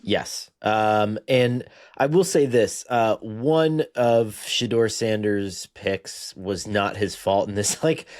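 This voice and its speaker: A man guesting on a sports podcast, breaking down plays with excited, animated analysis. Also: on the low side, slow pace, hardly any pauses, no room sound, clean studio sound. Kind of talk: casual sports podcast chat.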